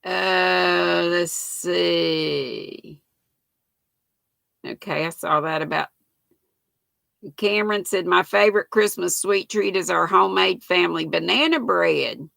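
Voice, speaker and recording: A woman's voice: lowish voice, slow, gravelly, long pauses, fairly bright tone, no echo. An older woman hosts a casual livestream, reading viewers' comments aloud in a chatty, folksy way. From North Carolina, US. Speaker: livestream host.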